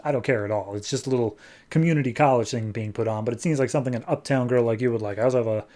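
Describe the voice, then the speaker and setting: A man voicing an easygoing, sincere young man in a relaxed, offhand way while recapping a comic. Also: medium pitch, rapid-fire, lightly acted.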